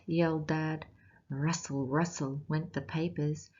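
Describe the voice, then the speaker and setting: An Australian woman reads a picture book aloud at an unhurried pace, stopping to ask the children questions. Her voice sits a little low, and she reads it with expression. The recording is muffled and lo-fi. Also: fairly even intonation, a little mellow, slightly rough. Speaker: teacher.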